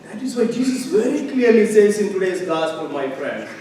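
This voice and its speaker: A male pastor preaching in a reverberant church sanctuary, caught from a distant microphone with audible noise underneath. His voice sits a little high, and he moves between hushed storytelling and loud, emphatic declarations. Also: sing-song, moderate pace. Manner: conversational preaching, swings from quiet storytelling to loud emphatic passages. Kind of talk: sermon.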